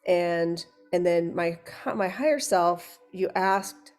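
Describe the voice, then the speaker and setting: A woman hypnosis practitioner co-hosting a candid chat, telling stories in a rambling, animated way. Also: fairly low pitch, slow pace. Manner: rambling, animated storytelling with restarts.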